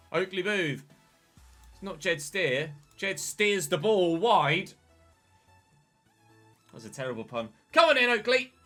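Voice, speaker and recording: Bright-voiced man commentating his game. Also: fairly high pitch. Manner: chatty, bursts into excited shouts at big moments. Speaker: gaming channel host.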